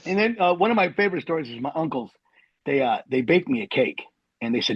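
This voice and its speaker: Husky, fast-talking veteran man. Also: a little high, dry recording. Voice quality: animated, slangy, says "dude". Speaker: army veteran guest. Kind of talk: casual storytelling. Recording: dull lo-fi recording.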